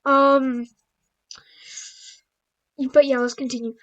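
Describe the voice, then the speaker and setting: A woman's voice: high-pitched, level tone, slow, highs cut off. A woman reading children's stories aloud and adding casual commentary, often tripping over words and breaking off for blunt asides. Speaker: video creator.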